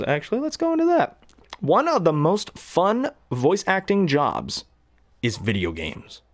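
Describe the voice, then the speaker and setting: Young guy rambling about voice acting, lots of ums and laughs, very animated pitch. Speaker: hobby voice actor. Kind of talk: casual chat.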